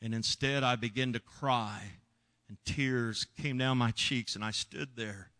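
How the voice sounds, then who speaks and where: A man's voice: medium pitch, a little slow. Man telling an emotional sermon story. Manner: emotional storytelling, swings from hushed to loud. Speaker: preacher. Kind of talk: sermon testimony.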